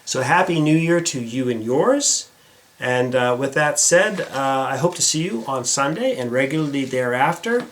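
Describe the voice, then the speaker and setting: A man's voice: medium pitch, lively intonation, normal speed, fairly bright tone. A middle-aged man from the United States hosting a casual vlog, chatty and self-deprecating, with frequent filler words. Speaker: vlog host. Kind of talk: casual direct-to-camera vlog.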